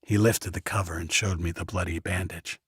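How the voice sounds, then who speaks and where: Low, husky man for first-person audiobook narration, dry booth sound. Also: steady tone, moderate pace, fairly bright tone, no room sound.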